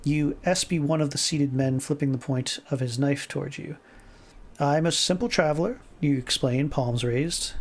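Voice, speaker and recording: A man streams himself reading an interactive fiction game aloud, often tripping over words and going back to reread them. He adds his own asides, chuckles, and puts on voices for lines. His voice is on the high side and creaky, at a moderate pace.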